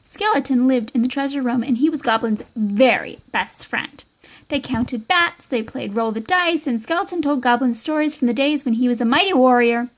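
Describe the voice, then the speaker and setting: Woman reader, high voice, lively read-aloud for kids. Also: normal speed, rough recording. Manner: expressive, lively storytelling. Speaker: storybook reader.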